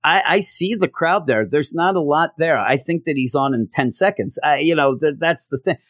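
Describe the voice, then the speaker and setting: A man's voice: fairly high pitch, normal speed, a bit bright, dry recording, clean studio sound. A man giving a sarcastic, exasperated comedic rant as a comic book reviewer, acting out scenes in different voices.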